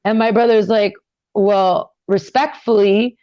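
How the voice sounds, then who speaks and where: A young woman telling a personal story in an interview, talking casually with many fillers and getting animated and higher when upset. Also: measured pace, no room sound, dull audio. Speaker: interview guest.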